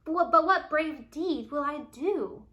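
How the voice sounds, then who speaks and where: A woman's voice: high-pitched, lively intonation, a little slow, bright, forceful tone, muffled recording, voice pushed up, full character voice. A woman doing a timid earnest boy. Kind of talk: storybook read-aloud.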